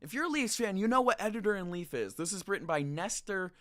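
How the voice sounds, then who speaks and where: A young man hosts a live sports talk show, venting his frustration in a passionate rant. His voice sits high and swings widely in pitch, climbing to near shouts when he gets worked up. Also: expressive, fast. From Canada. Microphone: own mic, moved during check.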